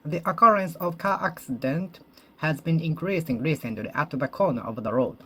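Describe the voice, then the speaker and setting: A native Japanese speaker practicing English alone, slowly repeating and rephrasing each sentence and correcting themselves as they go. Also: mid-range voice, fairly bright tone, breathy edge. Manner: slow, careful, deliberate. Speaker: English learner. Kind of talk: solo speaking practice monologue.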